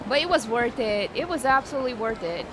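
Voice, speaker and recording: A woman streaming a video game, chatting and reacting with excitement. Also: on the high side, quick pace, noisy background. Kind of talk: casual gameplay commentary.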